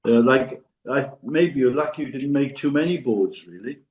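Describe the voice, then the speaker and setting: An older man, a podcast co-host, chats casually with a friend, rambling, hesitating, and often restarting sentences or drifting into asides. His mid-range voice is a little mellow, with lively intonation and a moderate pace, on poor audio.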